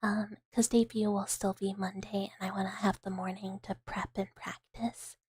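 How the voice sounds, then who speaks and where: A woman chats with her stream in a very breathy, soft whisper, close to the mic in a dry space. Her talk drifts and rambles, full of little fillers. Her pitch sits in an ordinary middle range for a woman. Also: level tone, moderate pace, dry recording. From Southern United States. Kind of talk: whispered ASMR live stream chat.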